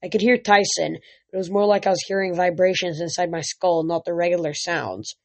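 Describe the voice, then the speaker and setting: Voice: medium pitch, brisk. Amateur reader with frequent restarts. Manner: reads with frequent slips and restarts. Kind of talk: amateur audiobook reading. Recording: dull lo-fi recording.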